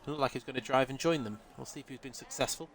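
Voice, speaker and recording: Nasal, congested race commentator. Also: male voice, mid-range voice, racing. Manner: chatty, answers live chat, laughs often. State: congested with a head cold. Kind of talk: live sim-racing commentary.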